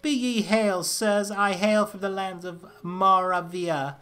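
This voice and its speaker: A man's voice: sits high, steady tone, takes it slowly, pushed and bright, faint music behind, voice pushed up, exaggerated voice. A man voicing a wandering medieval free man in a video game, speaking in old-fashioned formal phrases. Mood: lamenting.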